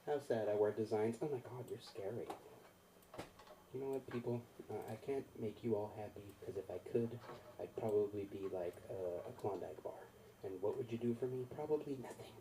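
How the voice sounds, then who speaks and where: A man's voice: fairly low pitch, fairly quick, dark tone. A man doing an open mic stand-up set in a small comedy club, telling self-deprecating stories and acting out voices. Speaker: stand-up comic. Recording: distant mic, faint room noise.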